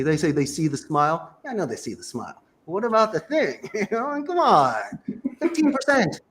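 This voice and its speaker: High, animated man coaching with emphasis. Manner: emphatic, rapid-fire instructions with rhetorical questions. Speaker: sales trainer.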